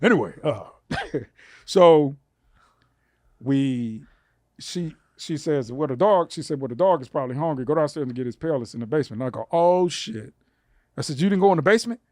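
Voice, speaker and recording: Animated storytelling man, dry close sound. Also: normal speed, no room sound. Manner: animated, acts out quotes with rising pitch. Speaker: podcast guest telling a story. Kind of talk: casual storytelling.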